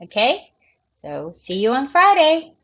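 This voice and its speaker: Woman teacher w a creaky tired voice, talks real slow, keeps fixing her own sentences, muffled lo-fi lesson video. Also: sits high, wildly swooping pitch, a bit bright. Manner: deliberate, often restarts and corrects herself. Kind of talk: recorded grammar lecture. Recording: dull lo-fi lesson recording.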